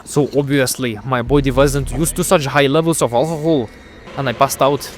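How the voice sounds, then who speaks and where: Over game music, a young gaming video creator delivers a sarcastic, profane, mock-dramatic comedic voice-over of a video game. His mid-range voice keeps a fairly even intonation at a normal speed.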